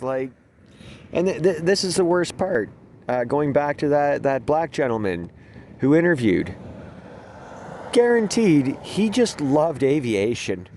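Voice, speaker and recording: Man, gaming video host, casual storytelling, profane, rambling, lively pitch. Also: a little hiss or hum. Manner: profane, rambling, laughs at own stories. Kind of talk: casual storytelling over gameplay.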